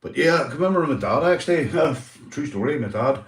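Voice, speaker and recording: A man's voice: fairly high pitch, expressive, a little fast. A Northern Irish man hosting a casual livestream chat, rambling and swearing, calling everyone mate. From Northern Ireland. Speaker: livestream host. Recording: echoey room, mic at a distance.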